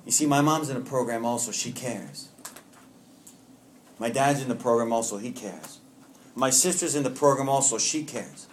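A man from Long Island, New York, is leading a recovery meeting and giving a personal share to the support group, earnest and heartfelt with self-mocking humor. His voice sits in the mid-range and moves at a moderate pace with frequent pauses, over a little hiss or hum.

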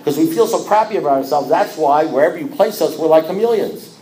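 A man telling his own recovery story to a group, animated and self-mocking, often restarting his sentences. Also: on the high side, quick pace, echoey room, low-quality recording. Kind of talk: personal testimony to a group.

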